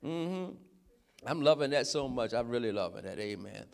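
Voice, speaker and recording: A man preaching a sermon in a lively, conversational way, breaking in with short affirmations and laughing as he talks. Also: medium pitch, normal speed, gravelly. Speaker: pastor.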